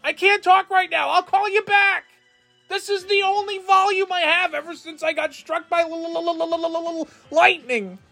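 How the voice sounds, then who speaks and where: A man putting on the voice of a guy who can only talk in a strained, high-pitched yell since he was struck by lightning. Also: level tone, normal speed, gravelly, faint music behind, exaggerated voice. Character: man stuck talking at a shout after a lightning strike. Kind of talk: comic bit on a solo podcast.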